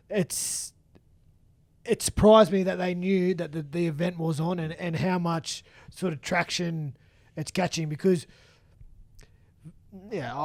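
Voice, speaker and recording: A man's voice: high-pitched, dry recording. A man with an Australian accent, a podcast guest in casual chat, eager and tripping over his words. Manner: eager, stumbling restarts.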